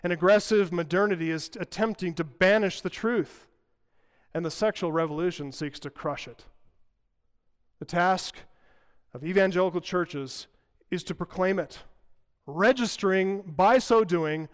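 A male pastor preaches with a high, smooth, resonant voice. His delivery is emphatic and rhythmic, and he builds through repeated phrases. A long reverb trails each phrase in a church sanctuary. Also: a little slow. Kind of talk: sermon.

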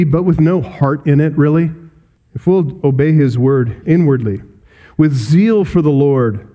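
A man's voice: high-pitched, warm tone. A man preaching a sermon in earnest, building points through emphatic repetition and reading scripture aloud. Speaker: pastor.

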